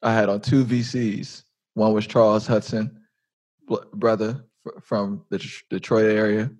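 A man's voice: fairly low pitch, flat delivery, a little slow, darkish tone. A man hosting a podcast interview, asking questions in a laid-back, chatty way full of "like" and "um". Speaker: podcast host. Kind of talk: casual conversational interview.

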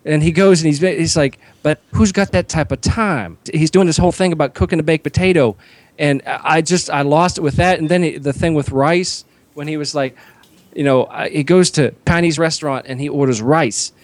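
A man's voice: fairly high pitch, fairly even intonation, a little fast, no room sound. A man co-hosting a comedy podcast, animatedly retelling comedians' jokes in casual chat.

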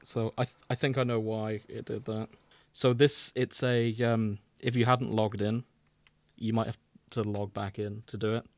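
A man's voice: fairly low pitch, little pitch movement, moderate pace, dry recording. An English man hosting a casual podcast chat, easygoing and organizing, often chuckling. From England. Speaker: podcast host.

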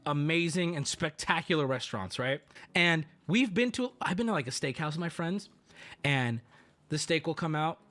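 A man streamer telling a ranting story, animated and profane, with sudden outbursts. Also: fairly high pitch. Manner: animated, swearing, mock voices and sudden outbursts.

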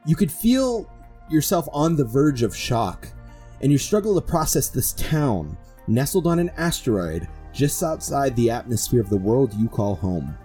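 A man narrating a tabletop space fantasy adventure as dungeon master, in measured, descriptive storytelling. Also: medium pitch, big pitch swings, mellow, soft background music. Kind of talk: narrating a tabletop game podcast.

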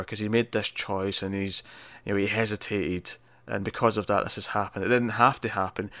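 A man's voice: lowish voice, steady tone, fairly quick, a bit bright, no echo. A man co-hosting a podcast, casually and animatedly retelling a TV episode and acting out what the characters say. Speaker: podcast co-host.

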